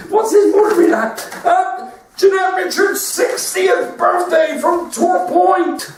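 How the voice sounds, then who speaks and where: A man's voice: extremely high pitch, takes it slowly, echoey room, far from the mic, slight background noise. A man with a West Country accent doing chatty stand-up comedy from his front room, laughing at his own jokes. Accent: West Country English. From West Country of England. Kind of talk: live-streamed stand-up comedy chat.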